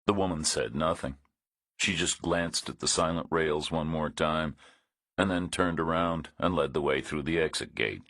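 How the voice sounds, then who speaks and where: A man narrating a thriller audiobook in a measured, understated reading. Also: very deep voice, fairly bright tone, breathy edge, no echo, studio quality.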